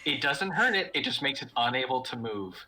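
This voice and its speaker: A woman's voice: a bass voice, animated, a little fast, over loud music. A woman playing a tabletop game, chatting playfully and joking with the table. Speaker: player. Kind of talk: casual chat at a tabletop game.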